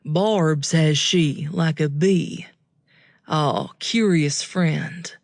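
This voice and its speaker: A woman reading an audiobook, voicing a serious young man who teases and quotes poetry in a slow, low, deliberate way. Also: lively intonation, dry recording, clean studio sound. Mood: teasing.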